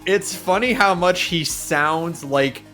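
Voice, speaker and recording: A man's voice: high voice, slow pace, sharp tone, faint music behind. A man co-hosting a podcast in casual chat, laid-back and wry. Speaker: podcast co-host.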